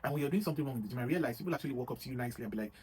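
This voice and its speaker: A man's voice: mid-range voice, lively intonation, racing, dark tone, slight background noise, low-quality recording. A man giving casual motivational advice to his viewers, rambling and often adding "you know what I mean.". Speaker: vlogger giving gym advice. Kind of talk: casual motivational talk to camera.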